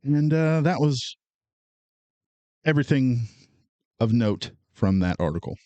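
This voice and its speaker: A man co-hosting a film podcast, going through his notes in a measured, matter-of-fact way. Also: medium pitch, animated, mellow, no echo. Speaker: podcast co-host. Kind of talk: casual chat.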